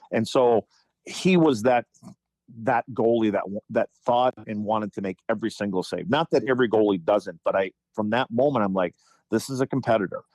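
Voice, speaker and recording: A man's voice: on the low side, dry recording. Man telling hockey stories, dry close mic. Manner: animated anecdotes, frequent restarts and profanity in quotes. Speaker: guest, former hockey player. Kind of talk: casual storytelling chat.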